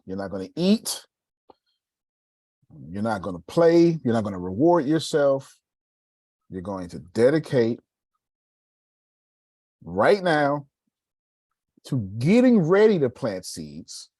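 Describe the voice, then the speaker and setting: A man's voice: mid-range voice, big pitch swings, takes it slowly, long pauses, mellow, breathy edge, no echo. A man from Texas hosting a motivational group call, preaching and building up to emphatic urging. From Galveston, Texas. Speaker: host.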